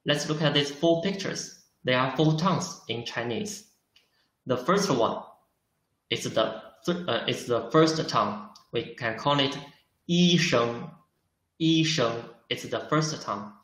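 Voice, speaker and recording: A man teaching a beginner Chinese lesson in English, slowly modelling each tone and sound for the learner. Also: mid-range voice, fairly bright tone, roomy sound, poor audio. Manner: slow, careful, drawn-out model sounds.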